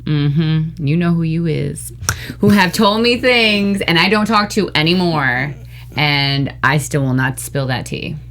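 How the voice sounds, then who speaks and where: Sassy woman with a very low voice. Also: expressive, measured pace, fairly bright tone. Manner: frank, sassy, emphatic. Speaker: panelist. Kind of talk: casual panel chat.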